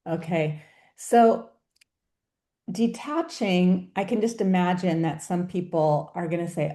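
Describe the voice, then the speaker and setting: Woman, webinar host, thoughtful questions, warm dark tone, echoey room. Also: lowish voice, takes it slowly. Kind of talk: webinar interview.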